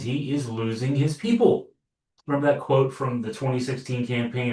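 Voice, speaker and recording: A man's voice: mid-range voice, moderate pace, a little mellow. Sarcastic male news commentator, roomy sound. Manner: sarcastic, wry asides; loose delivery with many fillers and restarts. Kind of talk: political commentary. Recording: roomy echo, distant from mic.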